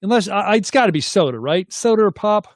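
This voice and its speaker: A man's voice: sits high, animated, a little fast, no room sound, studio quality. A middle-aged man, hosting a casual livestream, reading viewer comments aloud and asking viewers to weigh in. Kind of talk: casual live chat.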